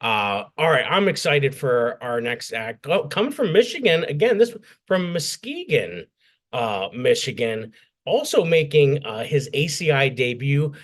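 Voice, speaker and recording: A man emceeing a comedy show, making quick upbeat asides and introducing acts. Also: medium pitch, very animated.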